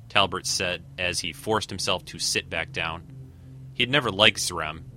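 Male story reader, very low voice with a sharp bright edge, steady. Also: moderate pace, a little hiss or hum. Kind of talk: fan audio story reading.

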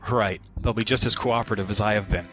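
A man's voice: lowish voice, steady tone, fast talker, lightly acted. A man reading the lines of a bitter, sarcastic male prisoner with a sneering tone. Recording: voice over background music.

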